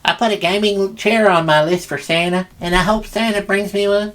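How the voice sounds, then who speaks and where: A man putting on a high childlike singsong voice, eager and giddy. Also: little pitch movement, drawn-out words, smooth, full character voice. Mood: wishful.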